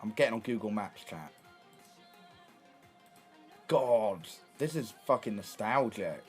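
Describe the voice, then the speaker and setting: A young man telling casual stories to his livestream chat, animated and swearing freely. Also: lowish voice, slow, soft background music. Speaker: streamer.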